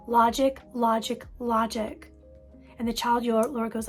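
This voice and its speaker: A woman's voice: fairly high pitch, flat delivery, slow pace, faint music behind. A woman mental health counselor giving an earnest parent-coaching talk, stressing key points by repeating words. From United States.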